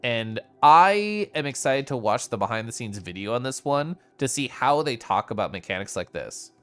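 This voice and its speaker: A man's voice: medium pitch, lively intonation, normal speed, a bit bright, clean tone. A man streaming a game from home, chatting playfully with viewers and slipping into silly little voices. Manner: playful, sappy, giggly, does silly voices. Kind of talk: casual game stream chat.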